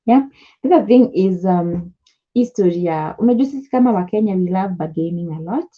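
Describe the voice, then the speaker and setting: A woman's voice: mid-range voice, lively intonation, a little fast, phone-quality sound. A young Kenyan woman who coaches beginners in importing, chatting casually to the camera, repeating key points and slipping between English and Swahili. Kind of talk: casual advice talk to camera.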